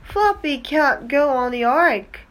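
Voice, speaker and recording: A young girl in a storybook, sensible and caring about her dog and her brothers, as a woman reads her out. Her voice sits high with wide, lively ups and downs. She speaks at an unhurried pace. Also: heavily acted. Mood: earnest. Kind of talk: children's storybook reading.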